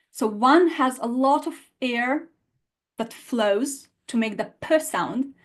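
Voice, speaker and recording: A woman leads a live online lesson at an unhurried pace. She reads out student answers and demonstrates sounds by repeating them again and again. Her voice sits a little high. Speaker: language teacher.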